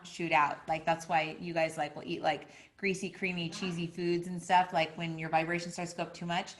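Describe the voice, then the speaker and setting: Rambling, animated woman teaching. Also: fairly low pitch, brisk. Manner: rambling, full of "like" fillers; animated, acting out quotes with a jumping voice. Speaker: spiritual teacher leading a class. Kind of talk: casual spiritual lesson.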